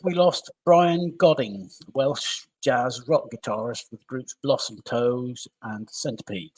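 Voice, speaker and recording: A husky man with a middle-pitched voice reads through a music news list on a live stream. He goes from item to item at a steady pace and adds short asides now and then. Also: poor audio. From United Kingdom. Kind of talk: reading a list of deaths and birthdays.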